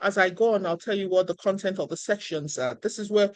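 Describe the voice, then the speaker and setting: A woman's voice: medium pitch, fairly quick, dry recording. A woman teaching a research writing class over a video call. She talks in an emphatic, encouraging way and calls on students by name. The sound is dry and close. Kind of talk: online class lecture.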